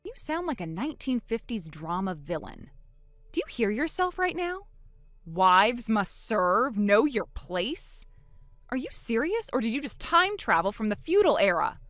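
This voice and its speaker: A woman narrating a text message story as the wife, trading sharp, sarcastic comebacks. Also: fairly high pitch, very animated, a little fast, no echo, faint music behind.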